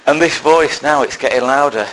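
In a low-quality recording, a man preaching a sermon as a lay preacher shares a personal anecdote full of dry, self-mocking humour, then shifts to something serious. He speaks at a moderate pace in a medium-pitched, fairly bright voice.

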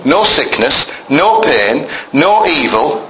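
A man's voice: on the high side, sing-song, slow pace, bright, forceful tone, a little hiss or hum. A man preaching a sermon in a church, emphatic and conversational, often asking the congregation questions. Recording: echoey church room with faint ambience.

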